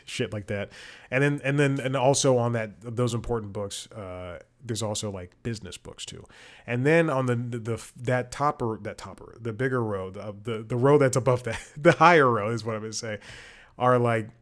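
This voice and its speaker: A man hosting a comedy podcast from his home, talking in a rambling, casual way with lots of restarts and exasperated swearing. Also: on the low side. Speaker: podcast host. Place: home room with bookshelves.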